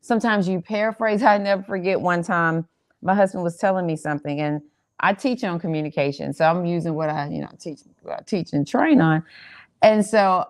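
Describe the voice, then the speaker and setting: Woman, co-host, communication trainer, chatty, affirming, slightly low voice. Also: brisk. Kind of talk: casual chat.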